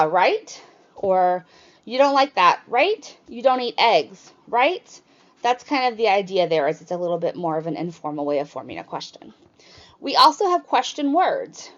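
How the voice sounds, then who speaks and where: Woman teaching a recorded grammar lesson. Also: lo-fi sound. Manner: explanatory, lifts pitch on example questions. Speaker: Spanish teacher.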